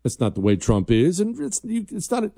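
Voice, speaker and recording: A man's voice: high voice, huge pitch swings, fairly quick, gravelly, mellow, no room sound, studio quality. A man hosting a political commentary show, talking in a combative, emphatic way and reading viewer emails. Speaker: host.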